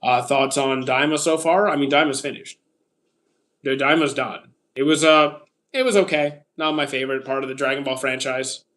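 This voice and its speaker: A man's voice: medium pitch, steady tone, normal speed, fairly bright tone. A man in his thirties from Canada, casually reading out viewer questions on a livestream and answering them briefly, with frequent "uh"s. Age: 30s. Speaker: streamer answering chat.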